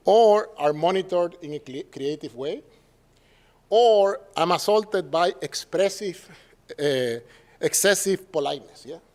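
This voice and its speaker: A man speaking English with a Puerto Rican Spanish accent delivers a symposium lecture in a fairly high voice. He keeps it conversational and wry, tossing quick tag questions to his listeners between points. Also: a little mellow. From Puerto Rico. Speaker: professor giving a symposium talk. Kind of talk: public lecture.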